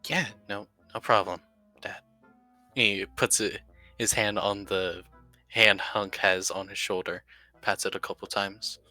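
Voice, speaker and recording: A man's voice: lowish voice, fairly even intonation, unhurried, sharp tone, soft background music. A young man playing a tabletop role-play game, earnestly narrating his character's actions.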